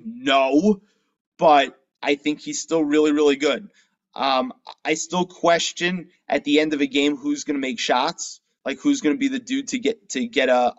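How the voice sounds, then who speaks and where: A man co-hosting a casual sports talk show, animated and quick to push back with pointed questions. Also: medium pitch, lo-fi sound. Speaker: podcast co-host.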